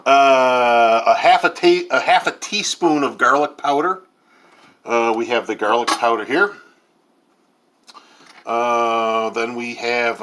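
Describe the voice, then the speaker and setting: A man's voice: mid-range voice, fairly even intonation, slow, long pauses, a bit bright. A man in his fifties hosting a casual cooking video, talking in a rambling way with lots of ums and uhs. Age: 50s. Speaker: home cook host.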